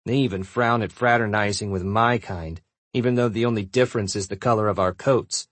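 A man's voice: on the low side, fairly even intonation, fairly quick, a bit bright, no echo. A man doing a laid-back joking college guy. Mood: wry. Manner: easygoing, wry. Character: laid-back joking young male shifter student.

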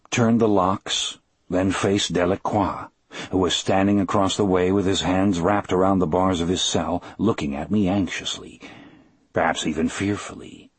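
A man narrating an audiobook in a measured, unhurried first-person telling. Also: low voice, husky, no echo.

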